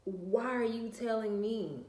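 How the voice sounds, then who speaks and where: A woman's voice: a little high, slow, mellow. A woman, venting bluntly and profanely to her viewers in a casual rant. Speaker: vlogger. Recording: echoey room.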